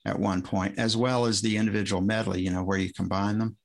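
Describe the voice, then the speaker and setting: A man's voice: lowish voice, steady tone, a little fast, creaky. A man, a former swim coach, chatting on a podcast in a rambling, self-interrupting way, often restarting his sentences. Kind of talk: casual podcast conversation.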